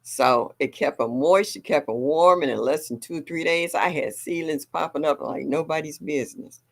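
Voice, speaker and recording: A woman's voice: low-pitched, moderate pace. An older woman hosting a gardening livestream, chatting casually and reading viewer comments aloud. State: a little sore.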